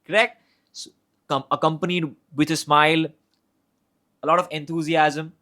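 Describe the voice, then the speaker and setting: A young man with a slightly high voice coaching people on conversation. He talks loosely and plainly, repeating words and restarting phrases as he works through his points. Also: little pitch movement, moderate pace, bright, forceful tone. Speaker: communication coach. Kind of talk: casual instructional talk.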